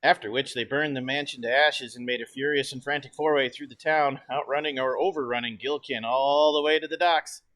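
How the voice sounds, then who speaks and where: A man hosting a tabletop horror game as its director. He opens with theatrical, spooky narration, his voice sitting in an ordinary middle pitch. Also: fairly even intonation, a little fast, few pauses, fairly bright tone. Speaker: game master.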